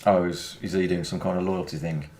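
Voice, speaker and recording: Speaking a little fast in a low, steady, darkish voice, an English gaming YouTuber with a Birmingham accent chats over gameplay, wandering off topic and laughing often. There's a little hiss or hum in the recording.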